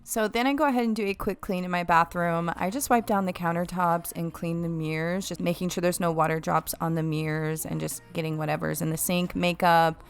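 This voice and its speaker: A woman's voice: fairly low pitch, steady tone, brisk, few pauses, faint music behind. Chatty, breathless woman vlogger. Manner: chatty, rambling asides. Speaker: cleaning vlogger. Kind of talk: casual voice-over chat.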